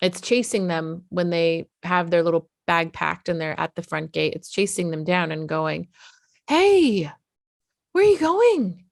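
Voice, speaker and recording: A woman's voice: lowish voice, little pitch movement, normal speed, gravelly, hardly any pauses, dry recording, clean studio sound. A middle-aged woman talking candidly to parents as a parenting coach, casual and frank, swearing freely.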